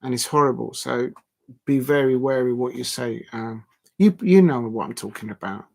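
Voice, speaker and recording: A man's voice: mid-range voice, normal speed, creaky. A man, hosting a casual live stream, talking in a rambling, blunt way with many ums and restarts. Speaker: livestream host.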